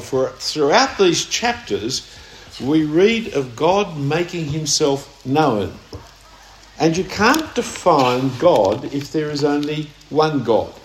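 A man with an Australian accent preaching a sermon, telling a story in a conversational way with emphatic stresses. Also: fairly high pitch. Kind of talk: sermon with anecdote. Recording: echoey room.

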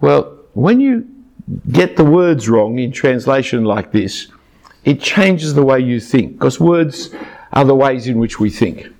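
An older male Bible teacher delivers a sermon in a voice of ordinary, middle pitch. He presses his points hard and argues them emphatically. Dry little asides break up the lecture. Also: expressive, measured pace, darkish tone.

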